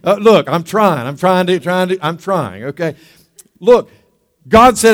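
A man preaching a sermon as pastor, lively and calling for amens from the church. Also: high voice, normal speed, big-room sound.

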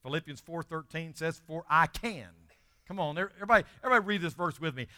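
A man preaching a sermon as pastor, emphatic and building to loud exhortation with the congregation. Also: on the high side, expressive, quick pace.

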